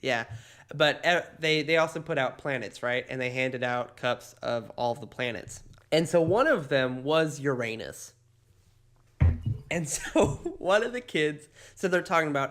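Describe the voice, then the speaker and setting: Animated man telling playful stories. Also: mid-range voice, a little slow. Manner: animated, laughs often mid-sentence; playful storytelling. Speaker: podcast co-host. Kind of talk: comedic casual chat.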